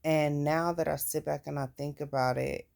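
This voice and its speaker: A woman's voice: sits low, steady tone, moderate pace, gravelly, a little mellow. A woman recounting her own life story in a candid, plain-spoken way, with casual swearing. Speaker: vlogger. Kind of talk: personal storytelling.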